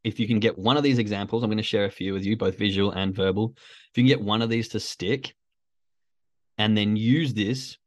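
A man's voice: fairly low pitch, steady tone, a little fast, no echo. A man hosting a casual motivational call, talking to a live chat in a loose, conversational way full of fillers. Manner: conversational, uses many fillers, acts out quoted thoughts. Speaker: podcast host.

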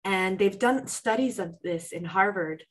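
A woman talking as a guest on a podcast, warm coaching chat that acts out inner voices with lively shifts. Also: medium pitch, measured pace, rough recording. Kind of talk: casual interview chat.

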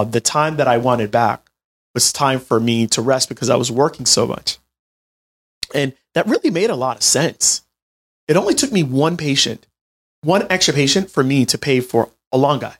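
A man in his late twenties telling a personal story in an animated, chatty way, talking straight to his listeners. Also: medium pitch. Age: 20s. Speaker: healthcare business owner. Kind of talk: storytelling monologue to an audience.

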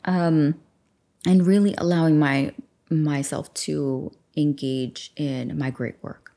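Her voice sits low, dark-toned and slow with vocal fry as this woman, a life coach hosting a self-help podcast, speaks casually into a studio microphone. She walks listeners through journaling, chatty and affirming, voicing her own thoughts aloud.

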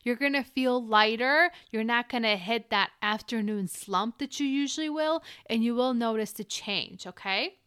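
A woman's voice: fairly high pitch, moderate pace, few pauses, fairly bright tone, smooth, dry recording. A woman hosting a solo podcast as a keto coach, chatty and encouraging, talking straight to the listener from a close mic. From Ukrainian family.

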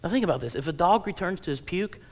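A man preaching a sermon as pastor, animated and humorous, swinging from loud acted-out quotes to quiet low asides. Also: fast talker, in a large hall.

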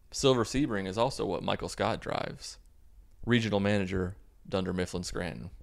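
A young man hosting a podcast, recapping a movie in a sarcastic, profane, comic way. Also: fairly low pitch. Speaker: podcast host.

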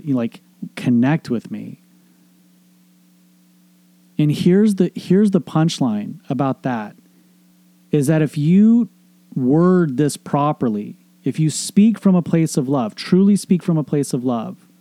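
Earnest, emphatic man with a mellow voice. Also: medium pitch, no room sound. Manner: earnest, emphatic, repetitive, swears casually. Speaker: podcast host, relationship coach. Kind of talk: casual motivational monologue.

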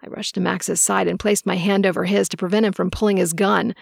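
A woman reads a first-person audiobook in a measured way. Her voice has a gravelly fry, and the recording is close and dry. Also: medium pitch, flat delivery, no echo. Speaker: audiobook narrator.

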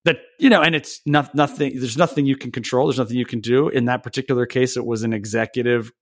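A man who creates TV shows, speaking as a guest in an earnest, reflective way with halting restarts. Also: medium pitch, fairly even intonation. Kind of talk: casual podcast interview.

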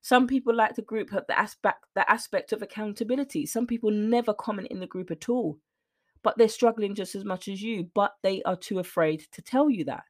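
Woman, podcast coach, earnest and emphatic, mid-pitched voice. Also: fairly quick. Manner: earnest, emphatic, at times emotional. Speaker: weight loss mindset coach, podcast host. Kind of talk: motivational solo talk.

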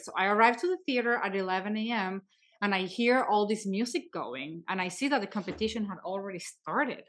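A woman in her thirties from Venezuela, a guest dancer telling stories in casual chat, acting out quoted lines with big jumps in pitch. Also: a little fast. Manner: animated, acts out quotes with sharp jumps in pitch.

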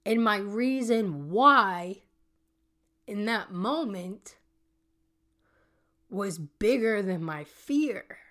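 With a mid-range, slightly bright voice, a woman in her thirties speaks animatedly, drawing out words and leaving long pauses. As a podcast host and healing coach, she tells a personal story earnestly and talks to her listeners directly as "you guys."

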